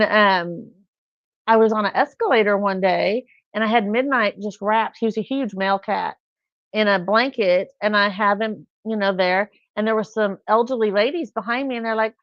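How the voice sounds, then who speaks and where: A woman's voice: medium pitch, normal speed, no echo. A middle-aged woman chatting on a livestream, telling anecdotes and acting out the people in them. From California. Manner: chatty storytelling, acts out voices in anecdotes. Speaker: livestream host. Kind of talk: casual chat. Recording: dull lo-fi livestream sound.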